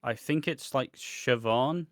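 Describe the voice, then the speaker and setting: A man's voice: medium pitch, takes it slowly. A man co-hosting a casual podcast, blunt and teasing, swearing often. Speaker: podcast co-host.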